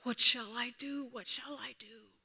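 A woman voicing a frightened young male lion prince, speaking softly and small. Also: low-pitched, expressive, takes it slowly, breathy edge, pitched below the performer's own voice, heavily acted. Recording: reverberant hall.

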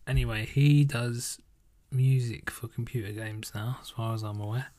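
This young podcast host has a warm mid-range voice and a flat delivery, moving at a moderate pace with hardly any pauses. He's yawning and worn out, rambling casually and cursing as he works through listener questions on his solo show.

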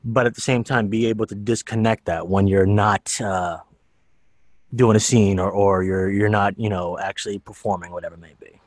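A man's voice: fairly low pitch, normal speed, no room sound. A man who is a voice actor, a guest on a podcast, talking casually and telling stories with plenty of fillers. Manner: relaxed, filler-heavy storytelling. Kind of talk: casual interview chat.

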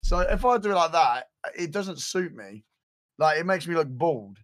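A man's voice: on the high side, very animated, normal speed. A young man, chatting and joking casually with his stream co-host. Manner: joking, teasing, rambling.

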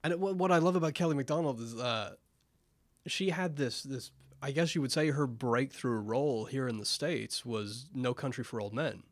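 A man co-hosts a casual movie podcast, blunt and keen, dropping swear words as he talks. His voice is mid-pitched and recorded dry and close, with no room sound. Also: normal speed, no echo. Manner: blunt, swears freely, enthusiastic. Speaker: podcast co-host. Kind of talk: casual film discussion podcast.

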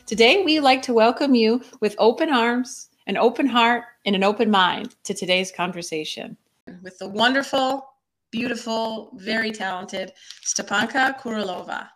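A woman's voice: a little high, moderate pace. A woman hosting a podcast, introducing her guest with effusive, gushing praise. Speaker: podcast host.

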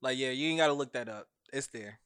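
A man's voice: medium pitch, quick pace, fairly bright tone, smooth. A man co-hosting a podcast in loose, casual chat, laughing easily and swearing freely. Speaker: podcast co-host.

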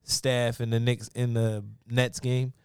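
A man co-hosting a podcast in loose, profane, animated banter. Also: medium pitch, slow pace, clean tone, no echo, clean studio sound. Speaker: podcast co-host. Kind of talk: casual chat.

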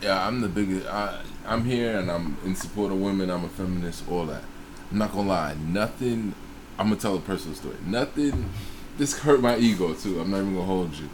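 Profane, animated man telling a story. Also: low voice, brisk, noisy background. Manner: profane, animated retelling with acted-out quotes. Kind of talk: casual storytelling chat.

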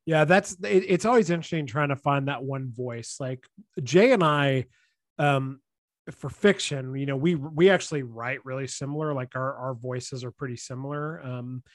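A man's voice: mid-range voice, moderate pace, no room sound. A man hosting a casual conversation about writing, chatty and rambling, full of "you know" and "like".

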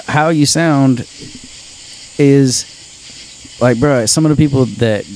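A man's voice: mid-range voice, slow pace, a little mellow, slight background noise, poor audio. A man with a Central Louisiana drawl, talking casually and emphatically, swearing freely and rambling as he makes his point. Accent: Central Louisiana Southern drawl. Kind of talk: casual chat.

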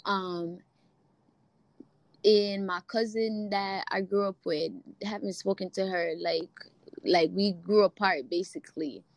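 A young woman tells her story with a Jamaican lilt, switching between her own voice and the voices of people in her tale. Her delivery is lively and expressive, with easy laughter. The sound is dry and close, with little room echo. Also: medium pitch, slow pace. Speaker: guest sharing a testimony. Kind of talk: animated faith storytelling.

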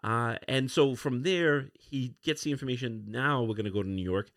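A man's voice: medium pitch, moderate pace, fairly bright tone, dry recording, studio quality. A man hosting a comic book review podcast, retelling a story in a conversational, rambling way. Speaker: podcast host.

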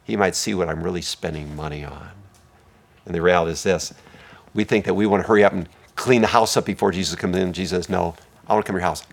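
A man preaching a sermon as pastor, swinging between hushed, intimate lines and loud, emphatic ones. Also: sits low, steady tone, fast talker, vocal fry.

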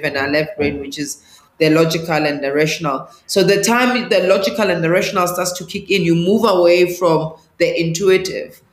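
Animated woman, roomy sound. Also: on the low side. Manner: animated, acts out quoted voices. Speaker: sangoma and spiritual teacher. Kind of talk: interview guest, teaching. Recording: roomy echo.

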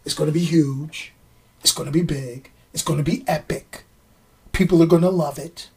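A man's voice: on the high side, steady tone, moderate pace, a little mellow, slightly rough, far from the mic, pitched below the performer's own voice. A man doing a bragging Trump-style villain. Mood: boastful. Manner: boastful, repetitive.

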